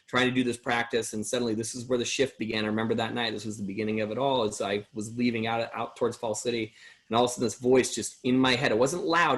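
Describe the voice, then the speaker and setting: A middle-aged American man tells his personal recovery story at a workshop, earnest and rambling, with many restarts. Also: medium pitch.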